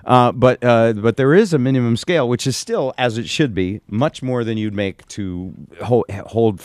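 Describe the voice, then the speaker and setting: A man's voice: mid-range voice, moderate pace, darkish tone, smooth, no echo. A man hosting a radio show, teasing and probing his guest in casual studio chat. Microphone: studio microphone. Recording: dry studio sound.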